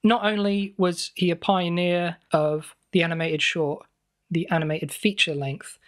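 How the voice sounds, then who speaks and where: A man's voice: fairly high pitch, steady tone, a little slow, fairly bright tone. A young man from southwest England co-hosting a comedy podcast, spinning absurd stories in a faux-earnest tone. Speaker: podcast co-host. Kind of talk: improvised comedy podcast banter.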